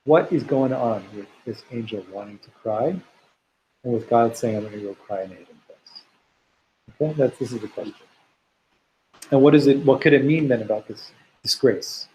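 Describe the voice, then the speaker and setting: Male teacher, mid-pitched, reads Hebrew passages and unpacks them thoughtfully for a class. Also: normal speed, pauses often, mellow, slight background noise, rough recording. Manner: thoughtful, reads Hebrew text aloud and explains it; repeats words while working out ideas. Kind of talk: Torah class lecture.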